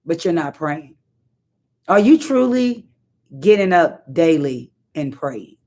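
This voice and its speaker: A woman leading an informal sermon. She speaks emphatically and conversationally, repeating key lines slowly. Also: on the low side, big pitch swings, dark tone. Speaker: prayer leader.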